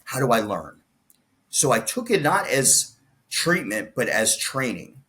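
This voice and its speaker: Speaking a little slowly in a mid-range voice, this man is a podcast guest recounting his own story conversationally. He animates it by voicing the other people's dialogue, often starting his sentences over.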